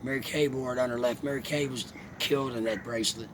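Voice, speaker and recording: A man telling a heartfelt personal story in a rambling, halting way, as a vlogger. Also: medium pitch. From Alabama. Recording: steady background noise, vehicle sounds.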